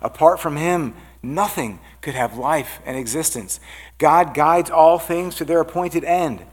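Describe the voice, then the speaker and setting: A man's voice: a little high, measured pace. Earnest man preaching a sermon. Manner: earnest preaching, lively rises on quoted scripture. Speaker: pastor.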